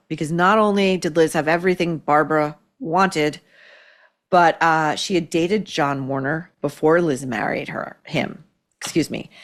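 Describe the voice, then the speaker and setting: Female commentary host, lower voice, blunt and sarcastic, swears freely. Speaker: podcast host. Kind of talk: opinionated commentary.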